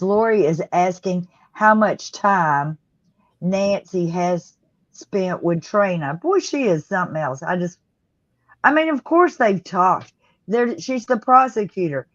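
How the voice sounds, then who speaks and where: A woman's voice: medium pitch, lively intonation, unhurried, dry recording, dull audio. A woman co-hosting a livestream in casual, rambling chat. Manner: chatty, rambling. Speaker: livestream co-host.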